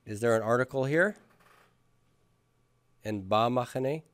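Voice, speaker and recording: A Hebrew grammar teacher of medium pitch speaks at a measured pace on a dry recording. He patiently drills the class in a lecture with questions, getting students to repeat after him.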